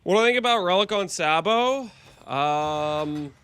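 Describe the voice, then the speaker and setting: A man streaming a game live, chatting casually, answering his chat and clearing his throat often, his voice a bit hoarse. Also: high-pitched, expressive, unhurried, a bit bright. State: hoarse-sounding voice.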